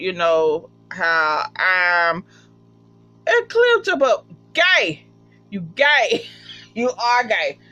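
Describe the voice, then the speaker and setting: Slow, bright-voiced profane TV recapper. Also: mid-range voice. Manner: profane, animated, acts out quotes. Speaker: TV episode reviewer. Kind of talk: casual spoken recap.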